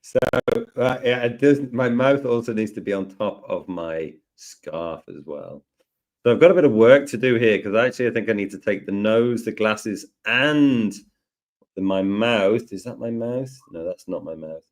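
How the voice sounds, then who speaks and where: Chatty low-voiced man teaching. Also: moderate pace. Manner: chatty, joking, thinking aloud. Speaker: tutorial host. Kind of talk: live software tutorial.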